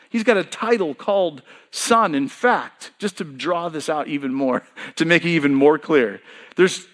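A middle-aged male pastor with a fairly high voice delivers a sermon with lively emphasis. He poses questions to the congregation and then answers them himself, his pitch swinging up and down to drive each point home.

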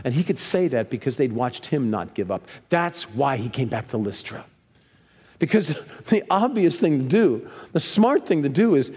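A man preaching a sermon in a church, lively, leading the congregation in reading scripture aloud. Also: mid-range voice, moderate pace, breathy edge. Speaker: pastor. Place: church sanctuary. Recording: long reverb of a church hall.

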